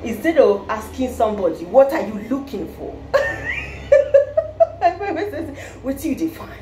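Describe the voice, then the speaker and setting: A woman vlogs to camera in a casual, playful way, laughing often and slipping into Nigerian Pidgin phrases. Her pitch swoops in a lively way. The room is echoey, with a faint hiss behind her. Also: normal speed. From Kenya. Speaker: vlogger. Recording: roomy echo with faint background hiss.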